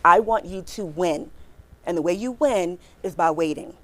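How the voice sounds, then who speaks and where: A woman in her forties giving a lively career talk to a live audience, chatty and animated, talking straight to the crowd and acting out her own reactions as she tells a story. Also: lowish voice, normal speed. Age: 40s.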